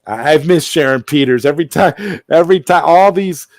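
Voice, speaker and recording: A man's voice: a little high, normal speed, no echo, studio quality. Rambling male live-stream host. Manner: rambling, restarts often, greets chat viewers. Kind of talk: casual live stream chat.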